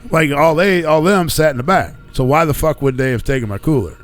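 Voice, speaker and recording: A man's voice: a little high, brisk. Guy on live radio ranting through a story, swears constantly, gets worked up, faint music behind. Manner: profane, animated storytelling, heated when quoting himself. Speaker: radio show host.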